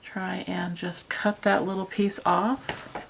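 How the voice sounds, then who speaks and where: Filmed on a tripod camera, this woman hosts a craft tutorial, talking casually and self-deprecatingly as her hands stay busy. She speaks slowly in a low, flat, fry-tinged voice, and a faint hiss or hum runs underneath.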